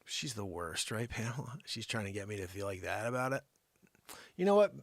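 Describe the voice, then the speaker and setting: A man hosting a live daily variety show, rambling through the news with jokes and sudden loud outbursts. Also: fairly low pitch, fairly quick, dry recording. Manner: rambling, jokey, bursts into mock voices and shouts.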